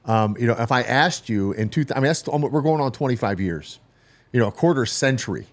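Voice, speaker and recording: A man's voice: mid-range voice, expressive, fast. A man speaking as a podcast guest in a reflective, earnest way, asking questions in long strung-out sentences. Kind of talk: conversational interview.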